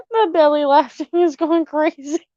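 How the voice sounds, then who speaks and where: A woman vlogs casually at home near her mother's room, chatting live to viewers, breaking into belly laughs between phrases, swearing freely, and often saying "Lord have mercy." Her voice is extremely high, mellow, and a little slow, recorded with no echo on dull lo-fi audio.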